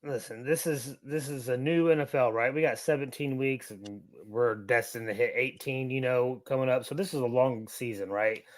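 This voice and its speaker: Brief: male panelist, steady explanatory football talk, dry close mic. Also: medium pitch, moderate pace, hardly any pauses, no room sound. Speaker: podcast panelist. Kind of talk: casual sports chat.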